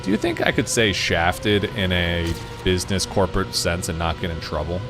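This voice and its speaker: A man's voice: low-pitched, lively intonation, moderate pace. A man streaming a racing game, chatting casually and rambling to his viewers. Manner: chatty, rambling, talks to chat. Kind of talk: casual live-stream chat while gaming. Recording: game music loud behind voice. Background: game music and car sounds.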